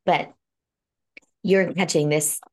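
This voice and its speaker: A woman's voice: low voice, fairly even intonation, slow pace, darkish tone. A woman who co-hosts a podcast and works as a life coach. She talks frankly and with open emotion, and she swears freely as she tells her story. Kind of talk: candid conversational podcast talk.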